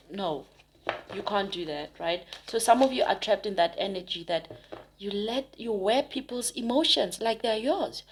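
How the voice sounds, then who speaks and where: Woman tarot reader, casual and emphatic, talks straight to viewers and restarts her sentences often. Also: medium pitch. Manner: chatty and emphatic, rambling with frequent restarts.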